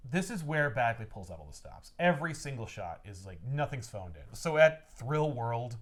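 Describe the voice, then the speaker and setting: A man hosting a casual comic podcast chat, animated and swearing as he acts out scenes. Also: mid-range voice, normal speed.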